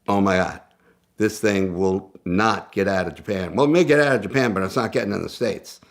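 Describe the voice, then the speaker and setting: Man with a low, gravelly voice for a casual, animated storytelling piece. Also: a little fast. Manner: animated, conversational, self-interrupting. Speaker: guest storyteller.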